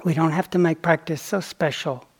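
Speaking at a fairly high pitch, a meditation teacher offers a reflective dharma talk during a retreat. He takes his time and adds playful asides along the way.

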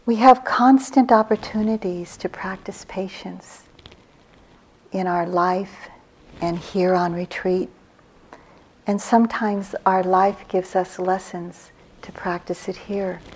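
A woman in her sixties, a meditation teacher giving a gentle, reflective dharma talk on retreat, her phrases trailing off softly. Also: medium pitch, a little hiss or hum. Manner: slow, gentle, reflective storytelling with soft breathy trailing phrases.

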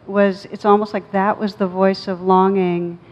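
A woman's voice: medium pitch, flat delivery, measured pace, a little mellow. Thoughtful woman in a reverberant hall. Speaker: meditation teacher. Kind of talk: reflective conversation. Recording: dull lo-fi sound with long reverb.

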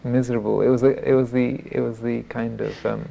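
Brief: male monk teacher, mellow and gravelly, telling a wry story on himself, faint hiss behind. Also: medium pitch, flat delivery, muffled recording. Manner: self-deprecating storytelling; halting, with frequent restarts. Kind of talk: dharma talk.

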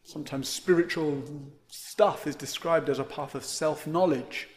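A man's voice: fairly high pitch, unhurried. A man giving a meandering, reflective dharma talk as a meditation teacher, often checking in with "right?". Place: meditation center.

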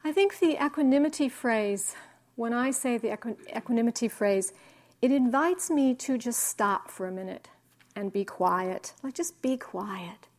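Soft-spoken woman meditation teacher. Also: on the high side. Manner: slow, reflective, soft pauses. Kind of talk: dharma talk. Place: meditation hall.

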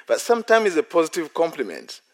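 A man's voice: fairly high pitch, wildly swooping pitch, fast talker. A man, a Buddhist monk, giving a dharma talk at a meditation retreat, chuckling often and telling self-deprecating stories. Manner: playful, chuckles often between phrases.

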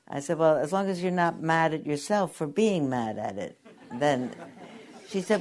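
An older woman meditation teacher giving a gentle dharma talk, telling stories with many pauses and fillers. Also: low-pitched. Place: meditation hall.

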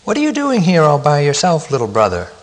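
A man playing a kindly storybook raccoon, a friendly guide who reassures the little ones. the voice is pitched higher than the storyteller's own speaking voice and sounds friendly. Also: wildly swooping pitch, a little fast, long reverb tail.

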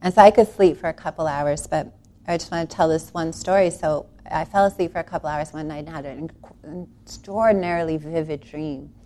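A woman telling a long personal story about a spiritual retreat, earnest and animated, rambling with restarts and laughing now and then. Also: deep voice, a little fast, a little hiss or hum.

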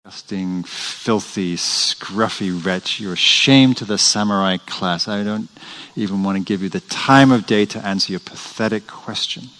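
A man's voice: sits low, level tone, slow pace, few pauses, fairly bright tone, low-quality recording. A man doing a stern, fearless monk. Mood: scornful.

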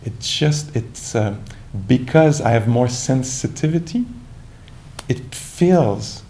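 A man giving a calm, reflective dharma talk as a meditation teacher, searching for words with many restarts and asides. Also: medium pitch, takes it slowly.

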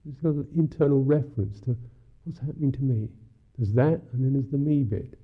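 A Buddhist monk teacher giving a dharma talk in a musing, unhurried, wry way, often saying "you know". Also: male voice, mid-range voice, husky. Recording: tinny lo-fi talk recording.

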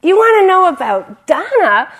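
A merry old monk cries out in a raised, high voice, laughing as he teases and offers gifts, as a woman acts him out in a story. He is boisterous and playful, all glee. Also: big pitch swings, takes it slowly, full character voice. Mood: teasing. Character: jolly, laughing old male Burmese monk.

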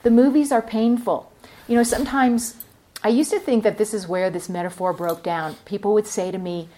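A woman's voice: mid-range voice, steady tone, normal speed, dark tone. A woman meditation teacher giving a dharma talk at a retreat center, reflective and telling a story. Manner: reflective, storytelling, many fillers.

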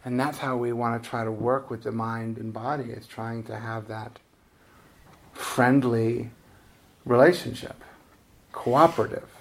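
Gravelly-voiced male meditation teacher. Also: medium pitch, measured pace, long pauses. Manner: relaxed, conversational, self-deprecating, often laughing. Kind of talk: dharma talk at a retreat.

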